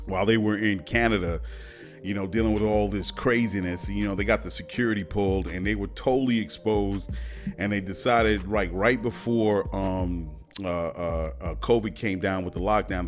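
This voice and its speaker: A man hosting his own podcast and riffing in loose, slangy, casual commentary. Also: on the low side. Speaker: podcast host.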